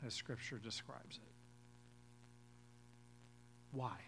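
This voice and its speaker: A male pastor preaching a sermon, reading scripture aloud and explaining it, his voice swelling to loud emphatic peaks and then dropping low and quiet. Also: fairly even intonation, measured pace, vocal fry, long pauses, breathy edge.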